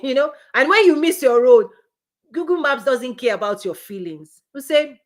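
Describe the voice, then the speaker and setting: A woman's voice: on the high side, big pitch swings, normal speed. A woman business coach giving a motivational live-stream talk. She speaks in an emphatic, repetitive preaching cadence and laughs between her points.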